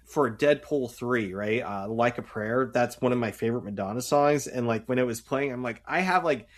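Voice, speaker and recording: A man's voice: mid-range voice, moderate pace. Man, podcast co-host, casual recap chat, rambling with fillers. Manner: chatty, recaps scenes with many fillers.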